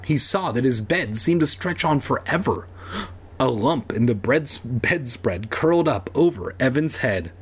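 A man's voice: medium pitch, measured pace, husky. A young man reading a children's horror story aloud as host, breaking off for joking asides. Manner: lively, joking, swears in asides.

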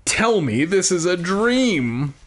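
A man's voice: high voice, big pitch swings, slow, pitched above the performer's own voice, exaggerated voice. A man voicing a furious, frightened young girl who shrieks her accusations.

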